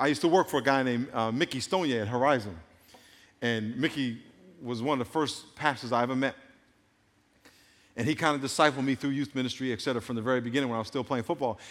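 Animated preacher in a reverberant hall. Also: male voice, medium pitch. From New York. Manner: animated, swings from hushed to emphatic, slows to stress scripture. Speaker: pastor. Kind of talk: sermon. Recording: long reverb of a large hall.

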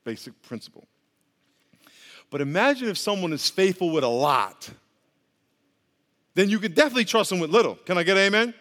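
A man's voice: sits high, animated, fairly quick, long pauses, fairly bright tone, big-room sound. A male pastor giving a casual, joking sermon, drawing the congregation into call-and-response.

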